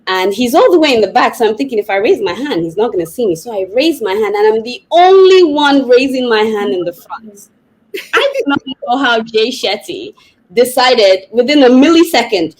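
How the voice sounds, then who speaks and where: A woman psychotherapist, a podcast guest, telling a personal story in a lively, vivid way. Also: fairly high pitch, normal speed, poor audio. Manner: animated, vivid retelling with laughs.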